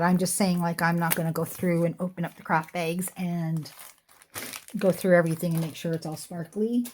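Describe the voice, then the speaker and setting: A woman's voice: on the low side, a little mellow, a little hiss or hum. A middle-aged woman chatting casually as she shows jewelry for sale at home, rambling off into asides. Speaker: online jewelry seller. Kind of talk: casual chat while showing jewelry. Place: home room with a squeaky chair.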